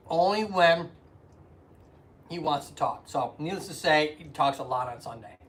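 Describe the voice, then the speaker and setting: A man's voice: fairly high pitch, expressive, moderate pace, fairly bright tone. Chatty man with a raised voice. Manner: chatty, greets viewers by name, rambling asides. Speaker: physical therapist and live streamer. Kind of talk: casual live stream chat and anatomy explanation. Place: indoors at home.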